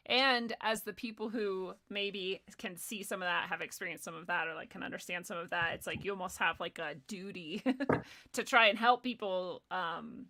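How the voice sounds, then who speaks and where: Young woman, super bright voice, chatty, laughs a lot, tells stories. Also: lowish voice, moderate pace. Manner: laughs often, lively storytelling, acts out voices. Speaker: podcast host. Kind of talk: casual conversation.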